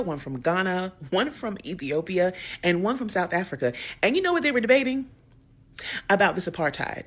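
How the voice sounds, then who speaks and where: A woman's voice: medium pitch, a bit bright. A woman ranting bluntly in a mocking, lecturing tone, casual and direct. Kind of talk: casual social media rant.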